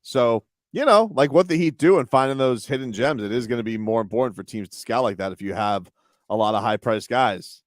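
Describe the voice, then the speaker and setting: A man's voice: mid-range voice, a little fast, no echo. A man co-hosting a sports radio show, chatting casually in a dry, teasing way. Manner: dry, teasing, slips into mock voices. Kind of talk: casual sports talk banter.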